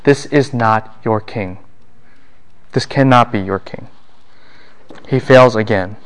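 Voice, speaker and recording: Speaking slowly, a man lectures a university class on a Bible passage, posing questions and then supplying the answers himself. He dramatizes the lines he quotes, jumping sharply in pitch and volume.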